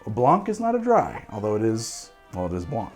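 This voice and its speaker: A man's voice: fairly low pitch, wildly swooping pitch, moderate pace, slightly rough, faint music behind. A man hosting a cocktail show, chatting casually and rambling with restarts and self-deprecating jokes. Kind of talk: casual tasting commentary.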